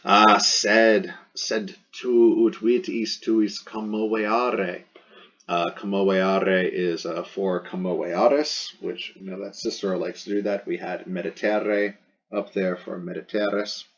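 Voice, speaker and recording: A man's voice: sits low, level tone, slow pace, fairly bright tone. A man teaching Latin line by line, patient and explanatory, with wry asides now and then. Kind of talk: line-by-line translation lesson. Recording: dull lo-fi recording.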